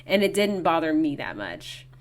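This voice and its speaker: A woman co-hosting a book podcast in casual chat, quickly quoting characters' lines as she talks. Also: low voice, very animated. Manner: chatty, acts out characters' lines in quotes. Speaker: podcast co-host.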